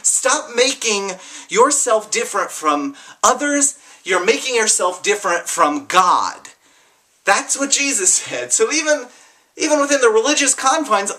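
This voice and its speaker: A young adult with a bright, forceful tone gives a raw, unscripted personal testimony. The delivery is impassioned and sometimes profane, dropping low and quiet and then rising into heated outbursts. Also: expressive, a little slow. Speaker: vlogger sharing a personal story.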